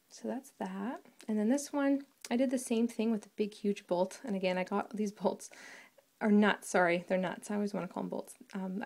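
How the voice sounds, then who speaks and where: A woman's voice: medium pitch, gravelly, dark tone. A woman casually walking through a craft project, chatty and rambling and often correcting herself.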